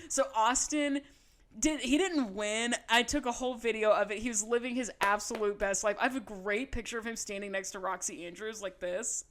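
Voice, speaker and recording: A woman, co-hosting a podcast, telling a story in casual chat, animated and laughing, swearing freely. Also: on the high side, brisk, a little hiss or hum. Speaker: podcast co-host.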